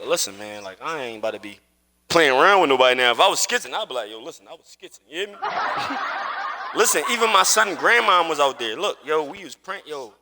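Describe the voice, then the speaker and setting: A man's voice: a little high, very animated, a little fast, vocal fry, bright, forceful tone. A man streaming live, telling a personal story in casual chat while gaming, emphatic and repetitive, swearing oaths as he goes.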